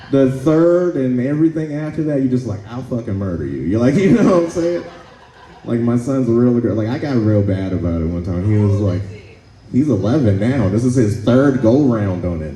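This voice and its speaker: A man's voice: medium pitch, warm tone. A man performing a profane, rambling stand-up comedy set, telling stories and acting out the other people in them, on a club stage with a handheld mic. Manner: profane, rambling storytelling with acted asides. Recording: roomy club sound, faint ambience.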